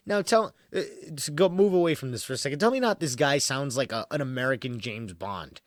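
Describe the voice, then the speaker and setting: A man hosts a podcast in a casual, rambling way, reading from an article and then breaking off into wry asides full of fillers. His voice sits at an ordinary middle pitch. The recording is dry and close, with no room sound. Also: lively intonation, fairly quick, hardly any pauses, dry recording. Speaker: podcast host.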